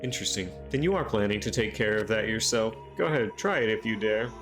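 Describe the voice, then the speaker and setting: Talking quickly in an expressive, low-ish voice, a streamer performs every character in a visual novel. Game music plays in the background, and between scenes he drops into loose, profane banter with his audience.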